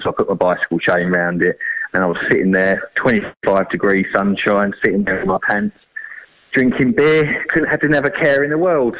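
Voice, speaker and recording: A man's voice: fairly low pitch, a bit bright, low-quality recording. A man, telling a long fishing story in a chatty, rambling, slangy way. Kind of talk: casual storytelling.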